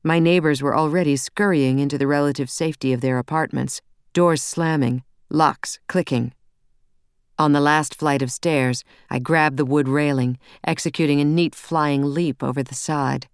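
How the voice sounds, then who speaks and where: A woman reading a first-person novel aloud in a brisk, wry, intense storytelling manner, close on a studio mic. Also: deep voice, steady tone, clear, resonant tone, no room sound. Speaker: audiobook narrator.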